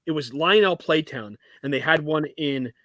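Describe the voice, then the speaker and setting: A man co-hosting a casual podcast chat, an animated storyteller who swears freely and breaks into loud outbursts. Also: a little high, normal speed, no echo. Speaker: co-host.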